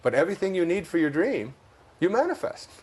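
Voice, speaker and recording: Husky detroit guy telling stories in an interview, laughs a lot. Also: sits high, sing-song, fairly quick, a little mellow. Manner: reflective, storytelling, laughs often. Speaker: interview guest, self-help author. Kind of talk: conversational talk.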